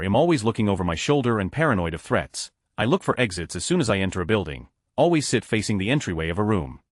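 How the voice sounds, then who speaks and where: A man's voice: fairly low pitch, no echo, studio quality. A man reading numbered online stories aloud as scripted narration. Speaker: narrator of reader posts.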